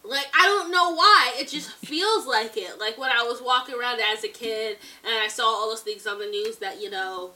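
Bright-voiced young woman chatting animatedly. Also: on the high side, moderate pace, hardly any pauses, far from the mic. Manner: animated, laughs often, heavy use of "like". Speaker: podcast co-host. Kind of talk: casual chat.

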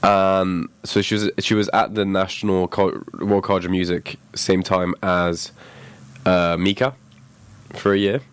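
A man's voice: low-pitched, little pitch movement, a little slow, clean tone, no echo. A man hosting a podcast, talking in a chatty, jokey way that often breaks off and restarts, then moving into a news segment. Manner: chatty, self-interrupting, jokey. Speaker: podcast host. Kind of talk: casual chat and news segment. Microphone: throat-worn mic.

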